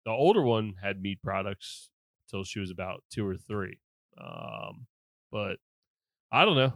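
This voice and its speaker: A man's voice: fairly low pitch, sing-song, unhurried, creaky, a bit bright, no room sound, studio quality. A man hosting a casual podcast chat, talking bluntly and swearing often. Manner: blunt, profane. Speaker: podcast host.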